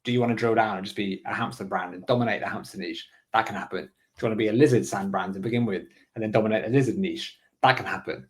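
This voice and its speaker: A man coaching online sellers in a casual screen-share walkthrough, thinking aloud and tossing in quick "right?" asides. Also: lowish voice, steady tone, darkish tone.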